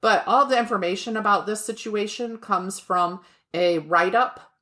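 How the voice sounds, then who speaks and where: A woman's voice: medium pitch, moderate pace, bright, forceful tone. A woman co-hosting a podcast from the United States, telling a story in a casual, joking way, cursing now and then. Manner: chatty, laughing, swears casually, jokes about pronunciation. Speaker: podcast co-host.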